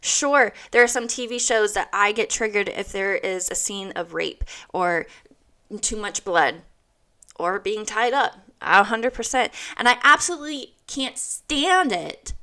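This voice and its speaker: A woman's voice: mid-range voice, unhurried, pushed and bright. A woman in her thirties giving a blunt, emphatic motivational monologue, swearing freely and repeating her points for weight. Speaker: host.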